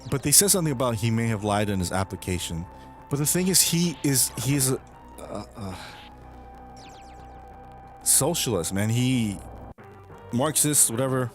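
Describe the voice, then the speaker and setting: Young male streamer, mid-pitched, heated and foul-mouthed, lots of restarts, faint music underneath. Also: lively intonation, moderate pace, long pauses. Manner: heated, profane ranting with frequent restarts. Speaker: livestreamer. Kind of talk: casual chat.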